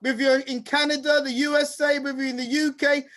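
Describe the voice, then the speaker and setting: High-pitched man, energetic host, playful shout-outs, video call. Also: a little fast. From United Kingdom. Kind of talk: lively online event hosting.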